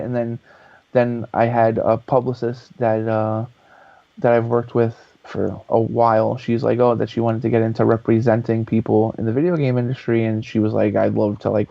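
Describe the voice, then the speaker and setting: A man guest on a podcast telling a story in a lively, casual way, swearing freely. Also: mid-range voice, vocal fry, no echo. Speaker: guest, author and voice actor. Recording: dull lo-fi podcast audio.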